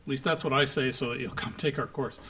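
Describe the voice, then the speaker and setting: A man giving a conference lecture to a live audience, lively and joking with the crowd. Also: mid-range voice, fast, a little hiss or hum. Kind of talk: conference talk.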